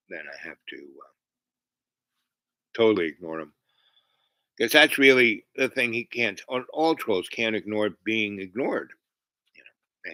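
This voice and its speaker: Bright-voiced man rambling a story. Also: medium pitch, dry recording, rough recording. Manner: meandering, frequent fillers and restarts. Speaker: livestream host.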